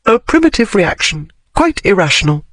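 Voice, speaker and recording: Indignant young woman, prim and over-formal, pitched up; a man doing the voice. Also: sing-song, normal speed, fairly bright tone, no room sound. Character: proud indignant young Englishwoman, flustered.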